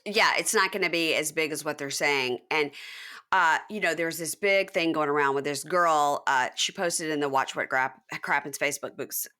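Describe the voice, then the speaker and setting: A woman's voice: normal speed, clear, resonant tone. A woman hosting a podcast, recapping a reality show in casual chat and acting out quotes with big jumps in her voice. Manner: animated, acts out quotes with big pitch jumps. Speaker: podcast host.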